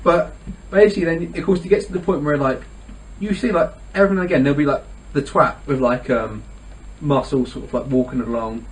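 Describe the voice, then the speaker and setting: A young man rattles through stories at speed, stringing them together with "like" and breaking into laughter. His voice sits a little high. He is recorded from a distance with faint background hiss. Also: a little fast. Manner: rambling, heavy use of "like", laughs often. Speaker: podcast co-host. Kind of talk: casual chat. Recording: distant mic with faint ambient noise.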